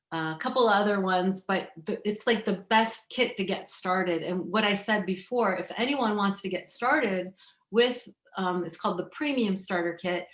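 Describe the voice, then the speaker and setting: A woman teaching yoga and essential oils, chatting casually on an online summit and telling animated stories with plenty of fillers. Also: mid-range voice, echoey room. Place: indoor room at home with diffusers.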